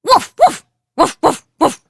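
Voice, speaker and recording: A woman voicing eager, hungry neighborhood dogs, excited and yappy. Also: very high voice, takes it slowly, creaky, dry recording, studio quality, pitched above the performer's own voice, exaggerated voice. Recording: faint music behind.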